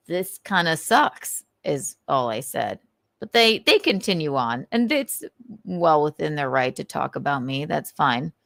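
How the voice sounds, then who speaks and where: A woman's voice: on the low side, a bit bright, no room sound, studio quality. A woman hosting a casual livestream, talking candidly with frequent swearing, laughter and restarts. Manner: candid and profane, laughs often; halting, with many restarts and fillers. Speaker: livestream host.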